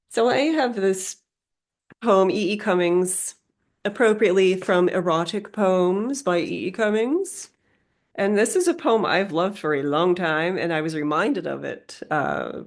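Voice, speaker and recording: A woman hosting a solo podcast, musing aloud in a meandering, reflective way. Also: medium pitch. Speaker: podcast host.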